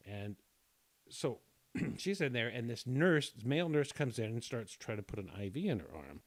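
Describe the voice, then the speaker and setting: A man telling a long personal story in casual chat, rambling and self-deprecating, often clearing his throat. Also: medium pitch, big pitch swings, normal speed, no room sound.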